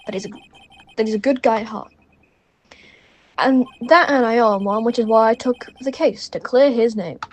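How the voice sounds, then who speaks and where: An earnest young male rookie defense lawyer tells his story, read plainly by an English woman. The voice sits fairly high and keeps an English accent, recorded on a phone. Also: a little mellow, a little hiss or hum, natural voice, low-quality recording. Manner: plain reading-aloud delivery.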